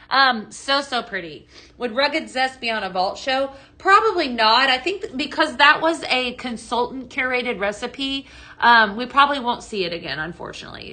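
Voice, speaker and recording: A woman in her young adult years hosts a live product stream, chatting with viewers and answering their questions. Her voice sits a little high and rings bright and forward. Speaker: home fragrance consultant hosting a live sales stream.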